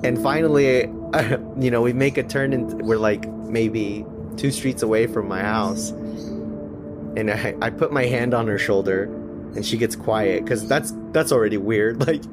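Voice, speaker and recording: A man's voice: mid-range voice, unhurried, music in the background. A man casually recounting a personal story, often chuckling as he goes. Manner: chuckles often while telling. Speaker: storyteller guest.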